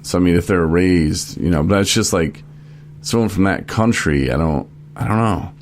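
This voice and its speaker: A man's voice: low voice, normal speed, a little hiss or hum. A man hosting a podcast in a studio, chatting casually and rambling with many fillers and restarts. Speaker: podcast host.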